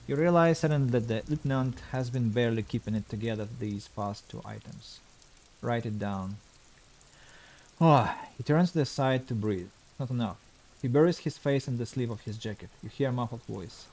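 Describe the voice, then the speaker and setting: A male streamer reads a video game's text aloud at a middling pitch. He adds wry, offhand asides between the narrated lines. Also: normal speed, darkish tone. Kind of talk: reading game text aloud.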